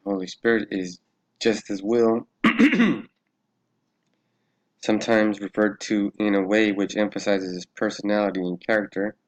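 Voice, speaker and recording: A man with a somewhat low voice hosts his own religious vlog. He talks through a Bible study in a loose, profane way, laughing often and thinking aloud as he reads. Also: lively intonation, measured pace, pauses often, dull audio. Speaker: religious vlogger.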